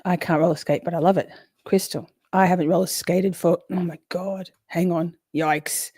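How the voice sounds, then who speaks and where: A woman's voice: on the low side, steady tone, normal speed, dark tone, husky, no room sound, studio quality. A woman in her forties, hosting a casual livestream, chatting loosely, swearing freely and greeting viewers by name. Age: 40s. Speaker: livestream host.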